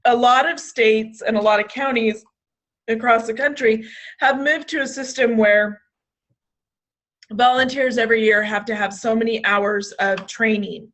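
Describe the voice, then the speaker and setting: A woman's voice: fairly high pitch, steady tone, a little slow, a bit bright. A woman presenting a staff training session, restarting phrases often, with hiccups now and then. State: has hiccups. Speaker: state program trainer.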